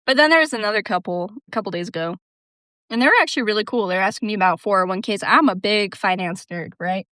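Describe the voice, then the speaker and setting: A woman's voice: medium pitch, fast talker, sharp tone, dry recording, clean studio sound. A young woman telling a casual storytime rant about work, sarcastic, swearing and laughing often. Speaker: vlogger.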